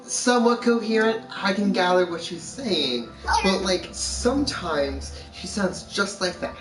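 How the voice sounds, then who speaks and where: A man's voice: high voice, expressive, unhurried. A man telling amused, exasperated stories in a casual family chat. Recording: distant, echoey, with music behind.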